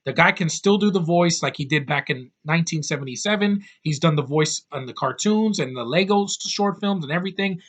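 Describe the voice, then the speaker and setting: A man's voice: on the high side, animated, a little fast, hardly any pauses, a bit bright. Blunt, rambling man in his thirties. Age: 30s. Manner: blunt, profane, rambling with many fillers. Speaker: movie reviewer. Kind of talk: casual rant-style film review.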